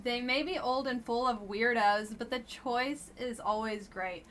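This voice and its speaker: A woman streamer chatting her way through a dating game live, blunt and wry in her remarks. Her voice is bright and sits a little high, with a loose, offhand delivery. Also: unhurried, a little hiss or hum. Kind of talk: casual live-stream commentary.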